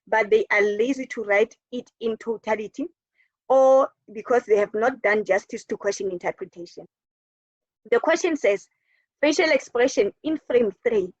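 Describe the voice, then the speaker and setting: With a South African English accent, a woman teacher works through a recorded lesson emphatically, posing questions and then answering them, and repeating words for emphasis. Her pitch leans high. The lo-fi capture sounds dull and dry, with no echo.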